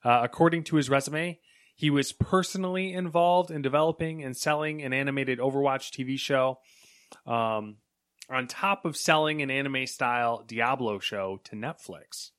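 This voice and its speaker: A man's voice: mid-range voice, moderate pace, fairly bright tone, clear, resonant tone, no echo, studio quality. A young man co-hosting a casual podcast, reading gaming news items aloud with frequent ums and chatty asides.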